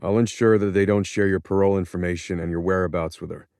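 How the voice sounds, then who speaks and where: A man doing a bitter, furious young son in an audiobook, deep-voiced and clipped, with sharp confrontational lines. the sound is close and dry. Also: steady tone, fast, no echo. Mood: angry. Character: angry young adult son, bitter and cutting. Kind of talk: audiobook character voice.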